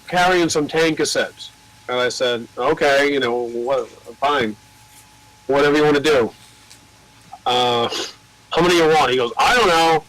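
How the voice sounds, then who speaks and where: Older man, slightly high voice, rambling swearing storyteller, acts out the people he quotes. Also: fairly bright tone, rough recording. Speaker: record label owner. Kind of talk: casual storytelling.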